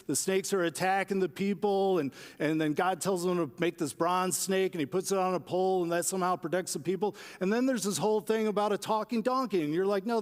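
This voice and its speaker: A man, a pastor, preaching a sermon in a conversational way and speaking directly to his congregation. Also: sits high. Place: church sanctuary. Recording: long church-hall reverb.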